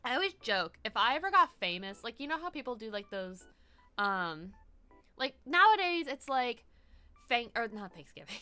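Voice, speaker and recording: A woman's voice: fairly high pitch, sing-song, moderate pace, sharp tone, smooth. A young woman from the US East Coast, a streamer chatting casually, rambling with lots of "like" and swearing. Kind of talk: casual chat.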